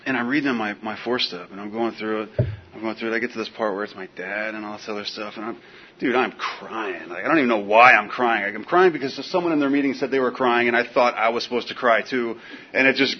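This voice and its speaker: A man telling a personal story in casual, animated speech, full of "dude" and "man". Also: medium pitch, quick pace, slightly rough. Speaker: guest telling his recovery story. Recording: dull lo-fi recording with faint hiss.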